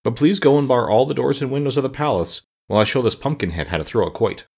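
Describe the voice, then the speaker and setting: A man voicing a calm, whimsical straw scarecrow king in a storybook reading, with an unhurried, mildly lofty manner. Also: mid-range voice, vocal fry, slightly rough, voice pushed up. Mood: calm, musing. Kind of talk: audiobook character reading.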